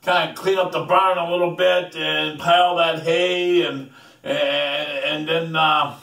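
A generous, good-natured farmer, as a man telling a joke plays him, makes easygoing folksy offers in a fairly high voice. The recording sounds roomy, with the mic set back from him. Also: flat delivery, unhurried, gravelly, sharp tone, distant mic, full character voice. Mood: friendly. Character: kindly male farmer, welcoming and generous.

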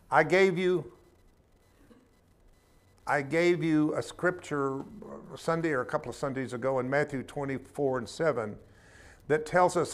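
A man teaching a spiritual class in an informal sermon style, talking in a conversational, emphatic way with humorous asides. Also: a little high.

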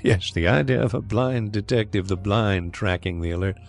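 A man voicing a proud, brisk former solicitor who talks bluntly and bristles quickly. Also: on the low side, vocal fry, soft background music.

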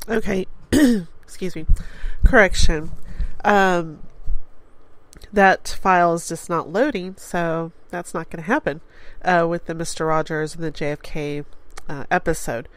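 A woman's voice: lowish voice, fairly even intonation, unhurried, no echo. A congested woman in her forties, a radio host chatting casually and rambling with small laughs. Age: 40s. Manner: rambling, laughs between thoughts. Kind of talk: casual chat.

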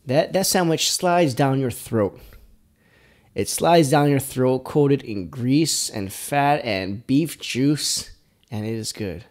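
A man's voice: medium pitch, takes it slowly, darkish tone. A man hosting a food podcast, talking in a rambling, playful way with lots of fillers and a put-on country drawl. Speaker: podcast host. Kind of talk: casual food podcast monologue.

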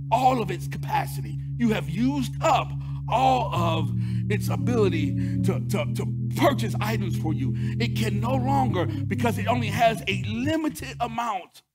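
High-voiced man preaching with rising shouts. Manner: repeats words, call-and-response asides. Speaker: pastor. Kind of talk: sermon.

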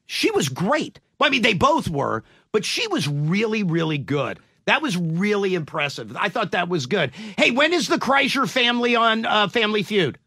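A radio host man who talks with enthusiasm and heaps praise on his guest. His voice is high and bright, recorded close and dry in the studio. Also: big pitch swings, normal speed, few pauses, husky, dry recording. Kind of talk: casual radio interview.

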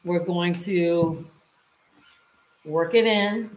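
Slow-talking woman vlogger in an echoey room. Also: fairly low pitch. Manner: chatty, talks to viewers while working. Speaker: lifestyle vlogger. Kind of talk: casual how-to demonstration. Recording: roomy echo.

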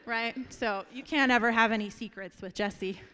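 A young woman giving a memorial speech, telling lively anecdotes with frequent laughter before turning earnest. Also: a little high, normal speed, clear, resonant tone. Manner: lively storyteller, laughs often, turns earnest. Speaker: family member giving a eulogy. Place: memorial gathering hall. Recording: reverberant hall.

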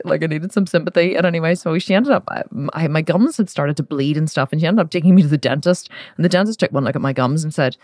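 A woman's voice: sits low, a little mellow, dry recording. Woman host, frank and chatty, recorded dry and close. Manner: frank, chatty, swears, quick asides. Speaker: podcast host. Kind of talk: candid personal monologue.

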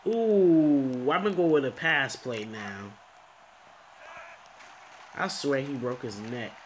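A young man giving frustrated gameplay commentary, swinging between low muttering and exasperated, swearing outbursts. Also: slow pace, slight background noise. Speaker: gaming commentator.

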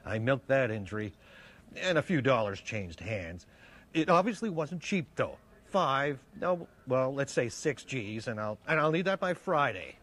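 An actor voicing a scheming, money-grabbing man in an animated comedy who stammers as he makes a deal. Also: medium pitch, measured pace. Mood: sly. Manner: stammering, sly, dealmaking. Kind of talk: animated series dialogue.

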